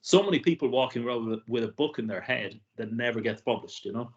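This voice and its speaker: A man interviewing a guest, reflective and agreeable in a relaxed chat. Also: medium pitch, quick pace. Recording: dull lo-fi audio.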